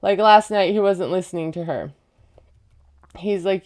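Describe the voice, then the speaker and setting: Chatty sarcastic woman with a smooth voice. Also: on the low side, unhurried, darkish tone. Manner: chatty, sarcastic, laughs at own jokes. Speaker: recap vlogger. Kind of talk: casual reality-show recap.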